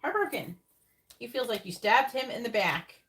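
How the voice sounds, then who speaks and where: A woman giving a live tarot reading in casual chat. She talks bluntly and swears freely, laughs often, and mutters her card draws in a low, quick undertone. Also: animated, fairly bright tone. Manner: blunt and profane, with frequent laughter. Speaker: psychic tarot reader.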